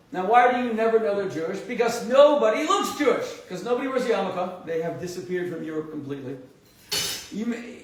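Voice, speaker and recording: A man with a fairly high voice hosts his own show as a rabbi, telling stories with fervent emphasis. He trips and restarts often, and his pitch jumps when he drives a point home. He sits back from the microphone in a strongly reverberant room, with faint noise underneath. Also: far from the mic. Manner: animated, emphatic, rises sharply in pitch when stressing points, frequent restarts. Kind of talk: impassioned storytelling monologue.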